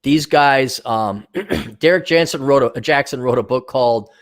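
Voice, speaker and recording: A man's voice: medium pitch, measured pace. A man co-hosting a podcast in blunt, profane casual chat. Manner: blunt, profane, mocking impressions. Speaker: podcast co-host.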